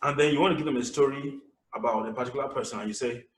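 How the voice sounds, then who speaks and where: Animated Nigerian man teaching a webinar. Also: medium pitch, very fast, a little hiss or hum. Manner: animated, acts out examples. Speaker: public speaking trainer. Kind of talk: webinar lecture. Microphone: video call camera mic. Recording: echoey room, voice distant from mic.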